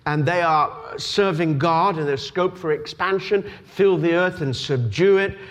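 A man's voice: fairly high pitch, measured pace. A middle-aged man raised in Australia, preaching a sermon with storytelling that builds to emphatic preaching. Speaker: pastor.

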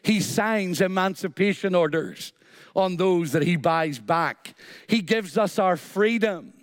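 A man's voice: sits high, lively intonation, takes it slowly, studio quality. A man preaching a sermon with emphatic, repeated phrases and a short story woven in. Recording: long hall reverb.

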